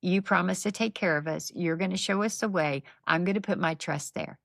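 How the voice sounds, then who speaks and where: On a podcast, a middle-aged woman who runs a nonprofit tells faith-based stories with animation, playing out what people said in casual talk. Her voice sits on the low side, brisk and creaky, with no room sound.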